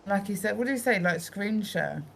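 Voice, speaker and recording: Gravelly-voiced teasing woman. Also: medium pitch, expressive, a little fast, a crowd in the background. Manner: teasing, playful. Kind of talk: casual chat.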